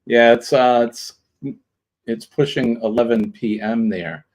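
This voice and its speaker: A man's voice: medium pitch, steady tone, measured pace, darkish tone. A man hosting a casual livestream, rambling with lots of ums and uhs. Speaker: livestream host. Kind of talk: casual live chat.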